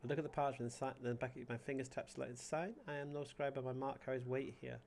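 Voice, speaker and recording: A man voicing a wary, guarded male village elder in a game, reading the elder's lines aloud in a measured way. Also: mid-range voice, little pitch movement, vocal fry, darkish tone, a little hiss or hum, lightly acted.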